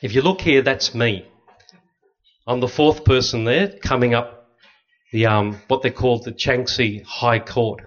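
A middle-aged Australian man, a Catholic priest, telling stories to an audience in a lively, anecdotal way. He sits at a middle pitch and slips into other people's voices as he goes. The sound is a little dull and lo-fi. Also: unhurried. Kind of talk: storytelling talk with slides.

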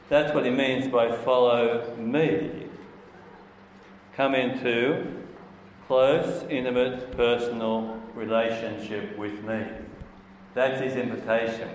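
A man preaching a sermon in an earnest, emphatic way, slowing down to stress key words. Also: medium pitch, a little hiss or hum. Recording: echoey hall with long reverb, faint ambience.

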